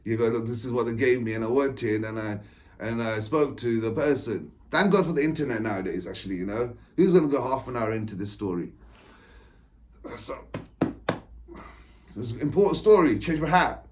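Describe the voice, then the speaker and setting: A man at an average pitch tells a long personal story straight to camera. He wanders and restarts, often checking in with a quick "right?" and breaking into short laughs. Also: darkish tone, a little hiss or hum. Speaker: author and spiritual coach. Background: England.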